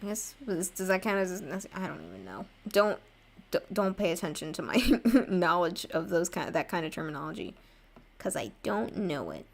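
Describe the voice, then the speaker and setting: A woman's voice: fairly low pitch, sing-song, fairly quick, gravelly. A young woman chatting casually with viewers while drawing live, rambling and poking fun at herself. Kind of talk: casual livestream chat.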